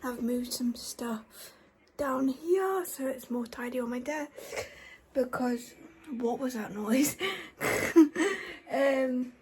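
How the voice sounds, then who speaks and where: A young woman with a croaky voice, chatting in a rambling way as she vlogs from her bedroom. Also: sits high, slow pace, darkish tone, a little hiss or hum. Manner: rambling and chatty, with emotional swings. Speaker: vlogger. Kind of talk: casual chat.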